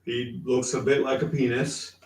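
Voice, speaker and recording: A man's voice: mid-range voice, level tone, normal speed, a little hiss or hum. A man joining a casual chat as co-host, with dry, easygoing jokes. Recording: echoey, off-mic from a distance.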